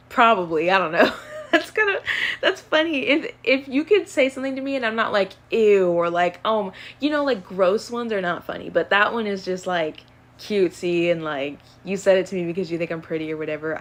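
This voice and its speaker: A young woman in her early twenties talks in an easygoing, rambling way, filling gaps with "um" and "like" as she answers questions. Her voice sits a little lower than most women's. The delivery stays relaxed and conversational, as on a live stream. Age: early 20s. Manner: rambling, filler-heavy, easygoing. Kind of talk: casual chat answering questions.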